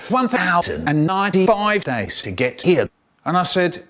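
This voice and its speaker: A man's voice: high voice, very animated, moderate pace, a bit bright. A man, telling comic stories in a theatrical way and jumping between voices. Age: 70s. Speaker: children's storyteller. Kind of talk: spliced comic storytelling.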